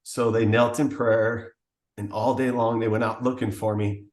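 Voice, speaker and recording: A man's voice: on the low side, level tone, moderate pace, roomy sound. A man telling the story of his past as a podcast guest, in an earnest, emotional way. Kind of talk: personal testimony.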